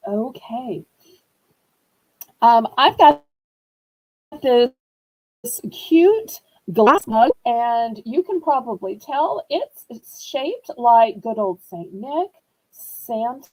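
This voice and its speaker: A woman from New Orleans runs a live-stream auction, chatting to her viewers in a sympathetic, talkative way. Her voice sits a little high and has a mellow, darker tone. She takes her time, speaking at a very slow, unhurried pace. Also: big pitch swings, poor audio. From New Orleans, USA.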